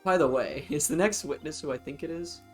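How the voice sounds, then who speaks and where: A man's voice: on the high side, brisk, faint music behind. A man hosting a casual game stream, rambling and giggling through loose banter full of fillers. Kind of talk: casual let's-play banter.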